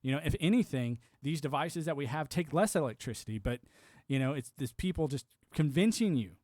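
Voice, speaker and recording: A man's voice: on the high side, a little fast, no room sound, clean studio sound. A man in his thirties from the United States, hosting a livestream in a casual, rambling monologue, often acting out quoted voices. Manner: animated, acts out quoted voices, filler-heavy. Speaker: livestream host.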